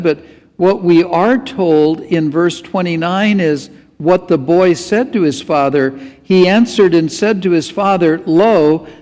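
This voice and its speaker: Male pastor, earnest sermon, fairly high voice, long hall echo. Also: a little mellow. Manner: earnest, pleading exhortation.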